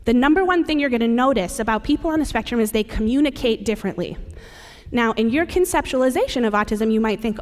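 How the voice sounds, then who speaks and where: Presenting at a safety conference, a woman with a somewhat high voice talks quickly and addresses the audience directly in a relaxed, conversational, joking manner. Her speech rings with the long reverb of a large hall.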